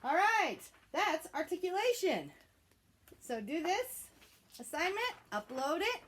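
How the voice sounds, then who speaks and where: A woman's voice: extremely high pitch, very animated, slow, a bit bright. A young woman teaching a remote music lesson to children, chatty and playful, coaxing the class to repeat words along with her.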